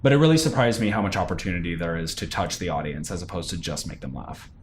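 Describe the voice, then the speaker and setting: A man's voice: low voice, lively intonation, quick pace, a little hiss or hum. A young man, a stage actor, chatting in an interview about his role, talking animatedly with many fillers and restarts. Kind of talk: casual interview.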